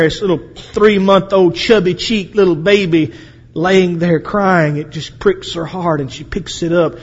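A man preaching a sermon, acting out voices and swinging between loud and quiet. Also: fairly high pitch, unhurried, slightly rough. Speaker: pastor. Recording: echoey hall with long reverb.

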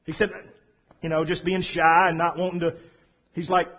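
Middle-aged man, husky pastor, halting soft delivery, lo-fi capture. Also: fairly high pitch, little pitch movement. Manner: halting, with many fillers and restarts, soft and tender. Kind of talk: sermon. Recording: dull lo-fi recording.

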